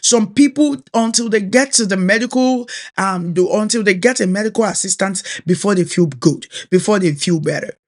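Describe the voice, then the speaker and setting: A Nigerian-accented woman minister delivering a sermon with steady, earnest urgency. She exhorts her listeners and drives her main points home by repeating them. Her first language is Yoruba. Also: mid-range voice, normal speed, few pauses.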